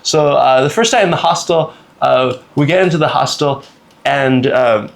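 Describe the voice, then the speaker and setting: A man's voice: medium pitch, normal speed, vocal fry. A young man from Canada hosting a podcast, telling a travel story casually with many fillers. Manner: relaxed, lots of fillers and laughs. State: recovering from a cold. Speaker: podcast host. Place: indoors, on vacation.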